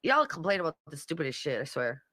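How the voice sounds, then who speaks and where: A woman's voice: sits low, very animated, quick pace, bright, forceful tone, no echo. A woman hosting a casual livestream, reading comments and mocking people in a brash, profane way. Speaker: livestream host.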